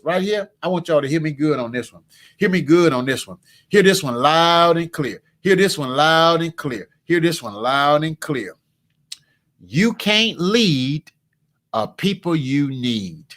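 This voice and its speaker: A man's voice: high-pitched, fairly bright tone. A man giving a motivational coaching talk with an emphatic, repetitive, preacher-like cadence, talking now and then to a helper in the room. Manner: talks to a live helper during the talk. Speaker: business coach.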